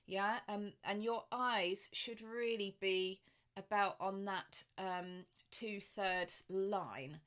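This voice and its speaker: Woman voice coach, unhurried and chatty, laughs lightly often; webcam tutorial. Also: mid-range voice, fairly even intonation, fairly bright tone, clean tone. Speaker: voice and presence coach. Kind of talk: casual video tutorial.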